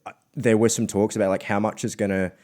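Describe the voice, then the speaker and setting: A young man co-hosting a sports podcast, excitable and swearing a lot in casual chat. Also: on the low side, fast. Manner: excitable, swears often, animated. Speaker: podcast co-host.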